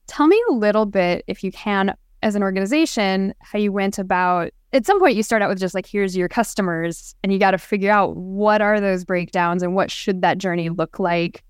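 A woman with a clear, smooth voice, leading a business podcast interview with curious, affirming questions. She speaks conversationally and close to the mic, in a dry sound. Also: medium pitch, brisk, hardly any pauses, dry recording. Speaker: podcast host.

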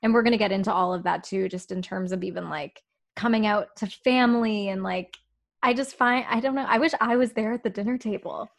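Relaxed young woman podcast co-host. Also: mid-range voice, brisk, gravelly. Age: young adult. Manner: relaxed and responsive, asks questions, many "like" fillers. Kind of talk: casual podcast chat.

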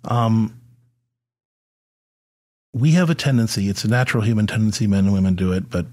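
Middle-aged guy with a low husky voice, chatty faith talk to dads, lots of um and you know. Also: animated, moderate pace, darkish tone. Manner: conversational, with many fillers and repeated words. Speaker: podcast host. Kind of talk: faith talk addressed to fathers.

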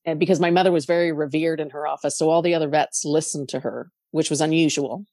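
Low-voiced woman telling stories. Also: fast talker, no echo, clean studio sound. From Canada. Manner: emotional, animated storytelling. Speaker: podcast guest, coach. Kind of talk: casual interview talk.

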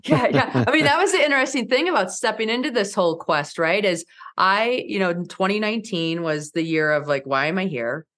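A woman in her forties telling her story as an interview guest, lively and laughing often, acting out quoted lines with big jumps in pitch. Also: brisk. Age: 40s. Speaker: guest, mountaineer and speaker.

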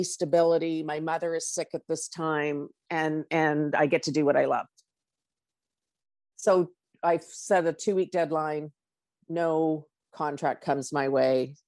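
Middle-aged woman, coach, low and gravelly, candid storyteller, dry close sound. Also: darkish tone, no echo. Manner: candid, acts out her own inner dialogue. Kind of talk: personal storytelling monologue.

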